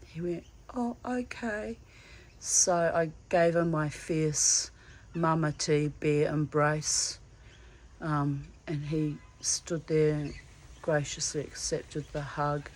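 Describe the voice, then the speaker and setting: A woman's voice: low voice, flat delivery, slow pace, poor audio. A woman telling a personal story in a casual vlog, earthy and swearing freely, calling people darling. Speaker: vlogger. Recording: faint background noise.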